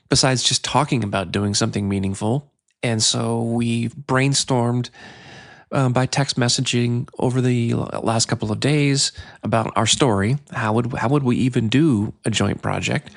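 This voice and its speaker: Podcast host, male, mid-pitched with a gravelly edge, chatty and playful storyteller. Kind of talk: casual solo podcast monologue.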